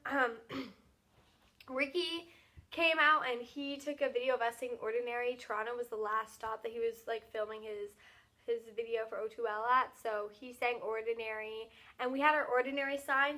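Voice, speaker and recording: Gushing young woman with a bright voice. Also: fairly high pitch. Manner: gushing, fast, filler-heavy with lots of "like". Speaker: vlogger. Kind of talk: excited casual recap.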